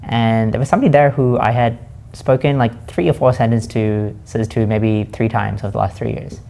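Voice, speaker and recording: A man hosting a reflective spoken monologue, slowly musing and asking himself questions aloud. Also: medium pitch, steady tone, creaky, mellow. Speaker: host.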